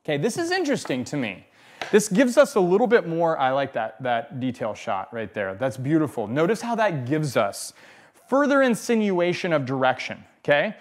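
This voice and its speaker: Speaking at a moderate pace with a fairly high voice, an animated man shows how to display bonsai as an instructor. His demonstration talk is full of repeated phrases and check-ins like "right?" and "okay?"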